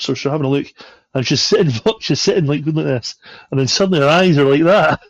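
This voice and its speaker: A man's voice: fairly high pitch, a little fast, dry recording, muffled recording. A man, a podcast guest, telling a story casually and animatedly, acting out the voices of the people in it. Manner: animated, acts out quoted voices.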